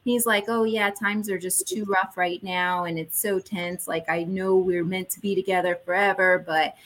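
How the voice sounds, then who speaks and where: A woman in her forties telling a personal story as a guest, acting out quotes with sudden jumps in pitch. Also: fairly even intonation, moderate pace, fairly bright tone. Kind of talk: personal storytelling in a podcast chat.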